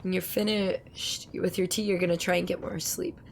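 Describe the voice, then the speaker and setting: Her voice is fairly low, creaky, and flat, at a normal speed, with a little hiss or hum on the recording. She's streaming a game and chatting with viewers in a rambling way, her voice not fully back after a cold.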